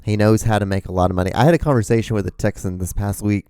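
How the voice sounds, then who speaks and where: A man in his thirties hosting his own show, rambling excitably in a casual, profane monologue. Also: lowish voice, racing, smooth, no room sound, clean studio sound. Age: 30s. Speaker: show host.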